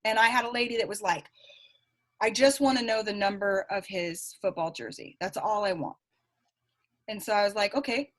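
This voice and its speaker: A woman with a Southern US accent, a psychic medium guest telling animated stories in a casual interview, acting out the voices she quotes. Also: mid-range voice, moderate pace.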